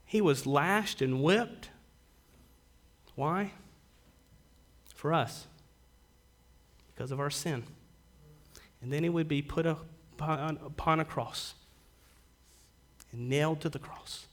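A man delivering a Sunday sermon, his voice sitting a little high for a man. He preaches earnestly, pressing points with rising emphasis and then dropping to hushed, quiet lines. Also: slow pace, long pauses. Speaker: pastor.

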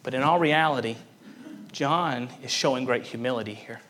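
A man's voice: mid-range voice, normal speed, a bit bright, a little hiss or hum. A man preaching a sermon as a pastor, earnest and emphatic, repeating words for stress.

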